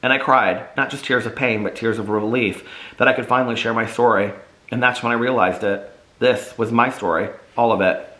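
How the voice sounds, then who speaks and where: A man's voice: medium pitch, fairly even intonation, fairly quick, bright, forceful tone, echoey room, rough recording. A man reading his own novel aloud in first person, earnest and emotional.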